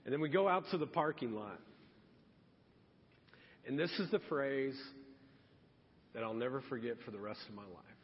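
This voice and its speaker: A man's voice: medium pitch, moderate pace, pauses often. A man, a pastor, telling a personal story in a sermon in a conversational, confiding way. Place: church sanctuary. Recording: reverberant hall, dull lo-fi sound.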